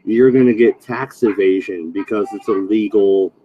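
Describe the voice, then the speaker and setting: Chill guy swearing and laughing, low voice, muffled call audio. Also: normal speed. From Oregon, USA. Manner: laid-back, swearing, laughing at his own stories. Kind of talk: casual chat.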